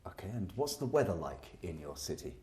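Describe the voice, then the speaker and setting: Male language tutor, deep warm tone, emphatic explainer for a scripted lesson. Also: big pitch swings, a little fast. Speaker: IELTS speaking teacher.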